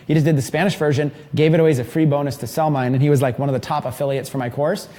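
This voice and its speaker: A man in his thirties giving an energetic, rambling live seminar talk to a small group in an event room. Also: a little high, very fast. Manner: energetic, rambling, filler-heavy. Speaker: mastermind trainer.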